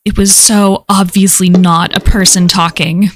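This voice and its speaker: A woman's voice: fairly low pitch, level tone, measured pace, background noise. A woman reading a first-person horror story aloud in a casual, profane way. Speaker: story reader.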